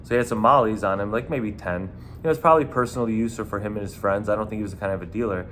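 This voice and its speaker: A man's voice: on the low side, rapid-fire, fairly bright tone, slight background noise. A man with a New York accent, a former bouncer, telling a rambling, profane story in casual talk.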